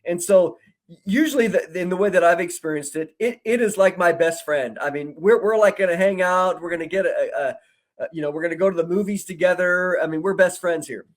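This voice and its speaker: A man co-hosting a discussion, telling an animated story and acting out the dialogue he quotes. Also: high-pitched, fairly quick. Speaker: co-host. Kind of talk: conversational discussion.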